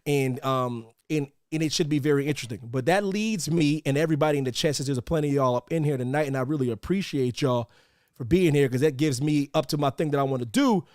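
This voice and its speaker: Man, podcast host, excitable, trash-talking, higher voice, dry sound. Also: quick pace, no room sound. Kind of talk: casual wrestling podcast chat.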